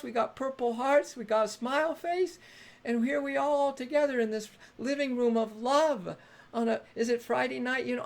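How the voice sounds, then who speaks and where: Effusive high-voiced man with gravelly fry. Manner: effusive and affectionate, chatty, laughs often; greets and thanks viewers by name. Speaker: spiritual live-stream host. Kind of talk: live-streamed spiritual talk.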